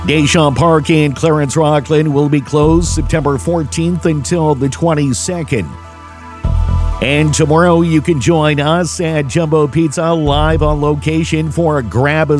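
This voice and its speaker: A male radio morning host reads news briefs and chats in a measured, slow style. His voice sits a little high. A faint music bed plays beneath him. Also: darkish tone. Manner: measured, unhurried delivery.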